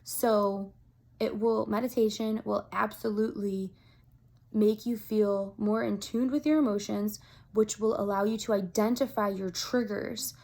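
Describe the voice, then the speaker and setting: A woman talking straight to her viewers in a chatty, upbeat vlog. Her speech is earnest and animated, with plenty of "like" and "um" fillers. Her voice sits at a middle pitch. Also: a little slow, vocal fry. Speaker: vlogger. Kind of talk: casual talk to camera.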